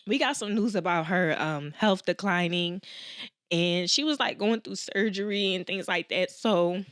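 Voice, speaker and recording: A podcast host in her twenties from Philadelphia, USA, shares a personal story candidly and emotionally, fighting back tears and calling her listeners "y'all." Her voice is lowish, unhurried, a bit bright and smooth, captured in a dry, clean studio recording.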